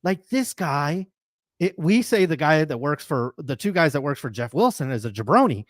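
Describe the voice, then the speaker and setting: Very animated and a little high, this male host talks at normal speed, with no room sound and studio quality. His live sports card talk show is casual opinionated chat, delivered emphatically and ramblingly with comparison after comparison.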